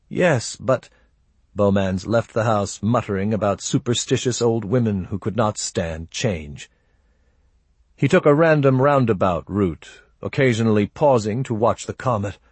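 A man narrating an audiobook in a steady, measured reading style. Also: lowish voice, husky, no room sound.

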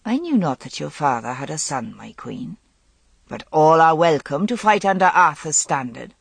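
Brisk young knight in an audiobook, firm and bold; the reader doing the voice. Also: medium pitch, big pitch swings, gravelly, slightly rough, no room sound, heavily acted. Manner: friendly then firm. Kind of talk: audiobook character voice.

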